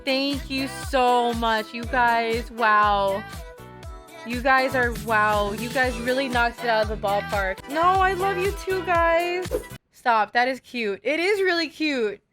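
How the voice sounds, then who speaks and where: A young woman with a slightly high voice chats excitedly on a livestream, gushing and exclaiming as she thanks her viewers. She speaks slowly over loud background music.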